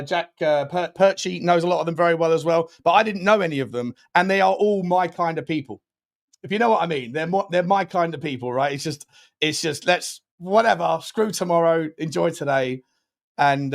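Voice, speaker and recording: A young man, hosting a casual live fan stream, rambling and chatty, with sudden loud bursts of excitement when he thanks viewers. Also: on the high side. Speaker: fan channel host.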